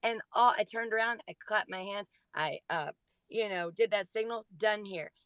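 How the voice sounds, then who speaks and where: A woman in her forties co-hosting a podcast, telling a story in a chatty, animated way. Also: medium pitch, normal speed, clean tone, no echo. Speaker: podcast co-host. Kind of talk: casual storytelling.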